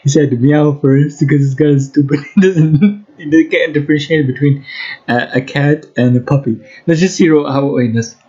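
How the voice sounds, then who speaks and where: A man comments on a clip in a sarcastic, mocking tone for his reaction video. His voice is husky and pitched a little high. The recording sounds dull and lo-fi. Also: normal speed, mellow.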